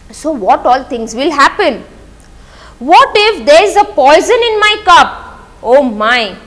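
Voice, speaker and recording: A woman's voice: very high voice, a bit bright, long reverb tail. A woman teacher explaining a poem to her class, asking questions and answering them herself with lots of repetition.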